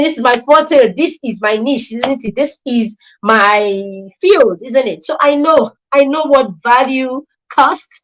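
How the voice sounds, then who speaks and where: A woman's voice: on the high side, a bit bright, rough recording. A woman hosting and promoting a children's mentorship program, talking in an emphatic, persuasive way and repeating her key points. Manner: emphatic and repetitive, stressing key words.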